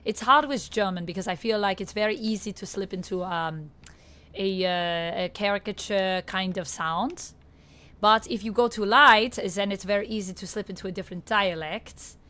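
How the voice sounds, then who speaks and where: A woman's voice: mid-range voice, moderate pace, sharp tone. Woman, Canadian accent, young adult, live-stream gamer, casual chat, filler words. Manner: chatty, reads chat aloud, frequent fillers.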